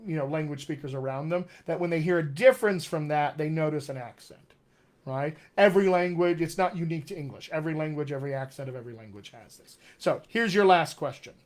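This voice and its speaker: A man with a loud, booming voice and a General American accent with West Texas and upstate New York touches, a dialect coach reading viewer comments and answering them on a live stream. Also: fast talker. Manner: articulate, reads viewer comments aloud and answers warmly. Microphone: webcam or computer mic on a live stream.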